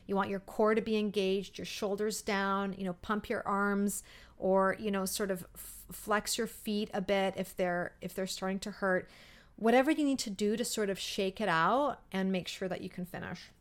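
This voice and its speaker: A woman in her thirties hosting a podcast, telling a personal story in a heartfelt, emotional way, with many fillers and pauses. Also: medium pitch, fairly even intonation. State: emotional, near tears. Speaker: podcast host.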